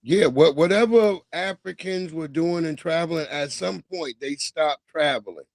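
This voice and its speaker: A man's voice: a little high, normal speed, gravelly, dry recording. Slangy man hosting a livestream, dry sound. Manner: loose, slangy, offhand. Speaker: livestream host. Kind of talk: casual livestream chat.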